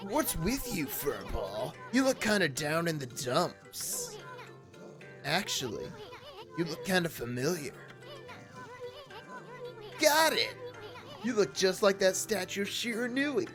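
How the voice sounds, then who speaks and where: Brief: a woman playing a brash, boastful tiny male bug artist, low and unhurried, game music behind. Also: wildly swooping pitch, full character voice. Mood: cocky. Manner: boastful, brash, fast-talking. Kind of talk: reading game dialogue aloud.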